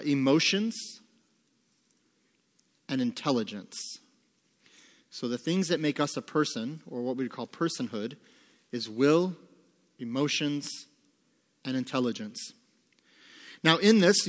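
A man teaching a Bible lesson to a congregation, emphatic, asking rhetorical questions and answering them himself. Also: on the high side. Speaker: pastor teaching a Bible study. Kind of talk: sermon-style Bible teaching with fill-in notes. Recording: long reverb of a large room.

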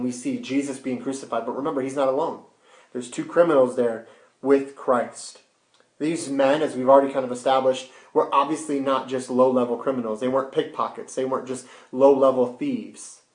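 A man preaching a sermon with rhetorical questions and sudden hushed drops. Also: medium pitch. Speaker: pastor. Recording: roomy echo.

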